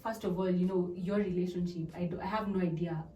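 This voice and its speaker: A woman's voice: lowish voice, fairly even intonation, fast, muffled recording. A young woman in her twenties from Kenya hosting a casual relationship talk show, chatty, laughing often and asking her guest questions. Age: 20s. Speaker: podcast host. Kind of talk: casual chat. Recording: echoey room, distant mic, soft music.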